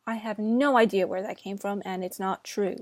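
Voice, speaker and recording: A woman's voice: medium pitch, fairly even intonation, normal speed, darkish tone, no echo, clean studio sound. A woman in her twenties from New Jersey, giving a casual, rambling film review with chatty asides.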